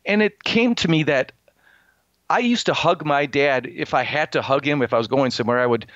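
A man's voice: fairly high pitch, normal speed, fairly bright tone, dry recording. A middle-aged man speaking as an interview guest, telling a personal story earnestly with many restarts and fillers. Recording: slightly dull, lo-fi sound.

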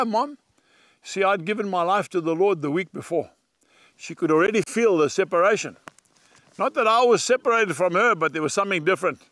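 A man's voice: high voice, bright, forceful tone, dry recording. A man giving an earnest, homely devotional talk straight to his viewers, recorded outdoors in a horse schooling ring. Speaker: evangelist host. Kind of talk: folksy devotional address to viewers.

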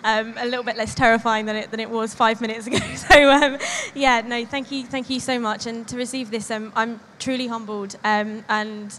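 A woman in her twenties giving a nervous acceptance speech on stage, flustered and halting, her voice shaky and close to tears. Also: a little high, flat delivery, a bit bright, a little hiss or hum. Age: 20s. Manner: flustered, halting, full of ums. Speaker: award winner. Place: large exhibition hall stage.

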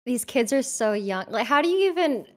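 A woman's voice: fairly high pitch, big pitch swings, moderate pace. A woman joining a stream on a call, chatting casually, teasing and laughing easily. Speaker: guest on a call. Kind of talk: casual reaction chat.

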